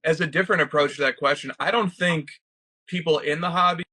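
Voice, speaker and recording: A man with a bright, forceful voice chats casually as co-host, wry and talkative. The sound is dry and close, with little room behind him. He reads listener questions aloud now and then. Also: fairly high pitch, fast talker, husky, no echo, low-quality recording. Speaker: co-host of a collecting podcast. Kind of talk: casual chat.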